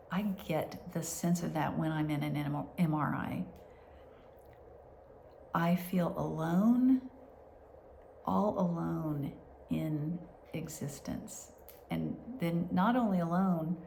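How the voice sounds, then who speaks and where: Slow, creaky-voiced woman telling a story. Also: on the low side, slight background noise. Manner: halting, with many restarts and hushed asides. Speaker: vlogger. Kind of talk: personal storytelling.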